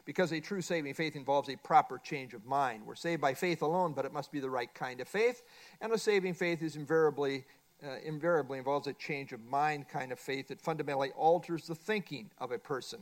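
A man's voice: fairly high pitch, fairly quick. A middle-aged man teaching a Bible study lesson from a workbook, emphatic and repeating his key points.

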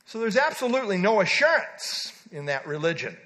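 A man's voice: high-pitched, very animated, fairly quick, pushed and bright. A man preaching a sermon, reading scripture aloud and stepping aside for emphatic asides.

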